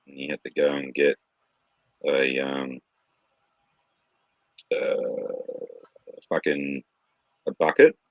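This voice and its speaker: A man's voice: very deep voice, flat delivery, slow pace, pauses often, dry recording. A man telling crude jokes in casual chat, swearing freely. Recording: dull lo-fi stream audio.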